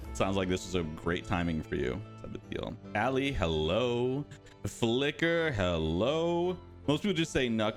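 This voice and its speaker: A man in his thirties hosting a casual livestream, playful and chatty, greeting viewers by name and rambling off on asides. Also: mid-range voice. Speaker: livestream host for a game studio.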